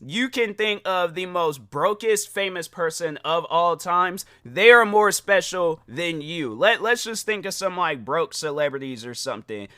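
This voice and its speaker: A man with a somewhat high, forceful and bright voice tells a casual story as a podcast host. He talks in an animated way, acting out each quoted voice and filling gaps with "like". The sound is dry and close, with no room echo. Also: a little slow, hardly any pauses. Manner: animated, acts out quoted dialogue, many "like" fillers.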